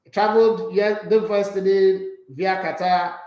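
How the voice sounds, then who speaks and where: A man's voice: high-pitched, a little slow, echoey room, highs cut off. A Nigerian man hosting a sports show, chatting casually and opinionated as he reacts to listener comments. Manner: animated, opinionated, with frequent asides.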